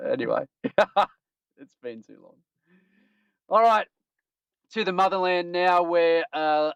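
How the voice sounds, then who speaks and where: A man's voice: medium pitch, clear, resonant tone, no echo. An Australian man hosting a podcast, running through odd news stories in a cheeky, joking way and laughing at his own puns. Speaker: podcast host. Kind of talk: casual news-roundup chat. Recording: dull lo-fi stream audio.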